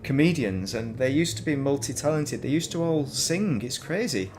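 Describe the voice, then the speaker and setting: A Northern English gaming streamer talks at normal speed in an expressive, medium-pitched voice over a noisy background. He chats casually about his gameplay, wandering off into self-mocking, rambling tangents.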